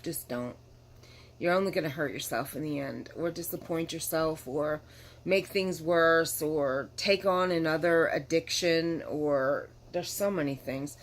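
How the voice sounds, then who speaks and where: A middle-aged woman with a notably low voice talks candidly to her camera, tired and yawning, rambling and apologizing as she goes. Her casual vlog chat is recorded with a faint hiss underneath. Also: a little slow. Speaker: vlogger.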